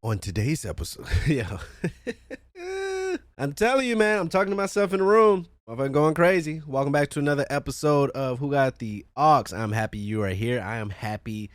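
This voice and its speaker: A man talks alone into his podcast mic in a room with a fan going. His voice is animated and swoops around as he cracks jokes, curses freely and plugs his pages. Faint music plays underneath. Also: medium pitch, no echo, studio quality. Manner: loose, profane, joking, plugs his channels. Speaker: podcast host. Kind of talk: casual solo podcast monologue.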